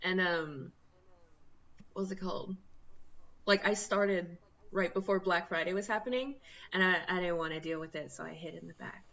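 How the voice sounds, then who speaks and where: Animated young woman telling stories, lo-fi. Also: on the low side, moderate pace, vocal fry, pauses often. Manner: animated storytelling, acts out quoted voices, laughs often. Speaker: podcast co-host. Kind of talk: casual podcast chat.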